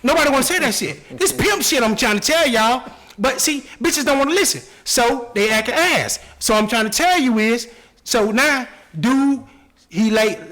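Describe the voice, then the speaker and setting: A man's voice: high-pitched, lively intonation, a little fast, pushed and bright. A man co-hosting a casual group chat, telling a long story and acting out the quotes, swearing freely. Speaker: podcast co-host.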